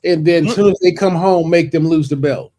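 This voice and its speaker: A man's voice: on the high side, a little fast, dark tone. A man co-hosting a wrestling podcast, talking casually in rambling runs with repeated restarts. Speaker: podcast co-host. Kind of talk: casual wrestling debate chat.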